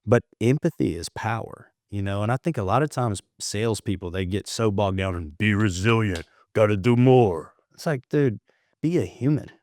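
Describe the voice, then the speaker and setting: Relaxed male podcaster with a lower, deeper register, recorded dry and close, chatty and loose. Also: moderate pace, dry recording. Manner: laid-back storyteller, calls people dude, swears casually. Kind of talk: casual podcast conversation.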